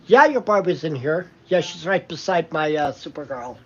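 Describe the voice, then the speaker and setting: A man's voice: fairly high pitch, animated, normal speed, husky. A man chatting casually in a home vlog, rambling with many fillers and restarts. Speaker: vlogger. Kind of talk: casual chat. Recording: dull lo-fi sound with faint noise.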